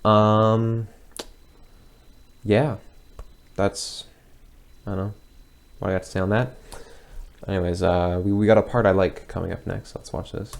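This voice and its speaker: Watching his own old video, a young man talks casually, hesitating and rambling, with frequent pauses and restarts. He has a lowish, level-toned voice with vocal fry.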